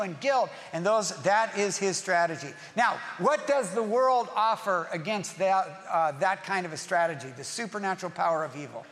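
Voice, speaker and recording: A man preaching a sermon to a congregation, lively and playful, acting out quoted voices. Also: high-pitched, moderate pace, few pauses. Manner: animated, acts out quoted voices and jokes with the congregation. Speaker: pastor. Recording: long reverb of a large hall, faint ambience.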